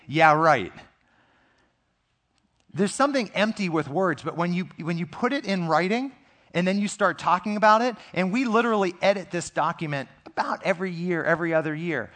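A man's voice: high voice, brisk, fairly bright tone. A middle-aged man, a pastor, preaching a sermon in a conversational, earnest way and telling personal stories to his congregation.

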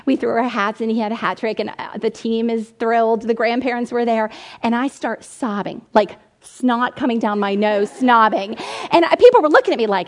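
A woman's voice: fairly high pitch, moderate pace. A woman in her forties giving an earnest, emotional faith talk full of personal parenting stories.

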